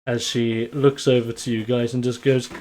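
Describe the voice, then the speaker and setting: A man's voice: mid-range voice, level tone, normal speed, a little mellow. A man narrating as game master in a loose, laughing storytelling manner.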